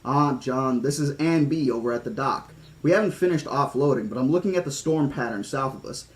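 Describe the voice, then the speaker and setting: A man's voice: medium pitch, fairly quick, close to an everyday voice. A man doing a drawling dock worker. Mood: wary.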